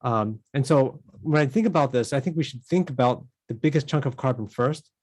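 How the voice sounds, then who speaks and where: A man's voice: mid-range voice, fairly quick, darkish tone. A man on a city council, speaking in a rambling way with many restarts in a meeting discussion.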